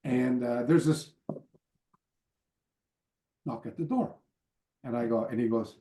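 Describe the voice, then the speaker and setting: A man's voice: medium pitch, slow, pauses often, echoey room. An older man, a martial arts teacher, telling rambling anecdotes as an interview guest over a call, full of asides and fillers. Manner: animated, digressive, lots of fillers and asides. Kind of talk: casual anecdotal storytelling.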